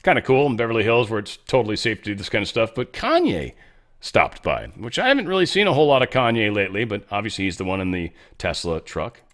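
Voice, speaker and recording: A man's voice: fairly low pitch, wildly swooping pitch, quick pace, a bit bright. Blunt opinionated man commentating. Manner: blunt, opinionated, reads posts and poll figures aloud. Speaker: political commentary host. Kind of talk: casual political commentary.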